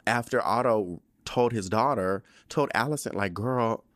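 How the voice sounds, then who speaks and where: A young man with a fairly low voice dishes on a TV episode like he's gossiping with a friend, sassy and profane. His delivery is animated and full of attitude. The sound is dry and close, with almost no room around him. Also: moderate pace, no echo. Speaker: podcast host recapping a TV episode. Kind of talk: casual recap monologue.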